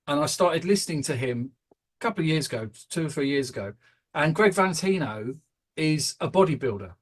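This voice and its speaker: His voice is a little high, animated, and a bit fast. He's a British man hosting a casual podcast, rambling and hesitating with many ums and false starts.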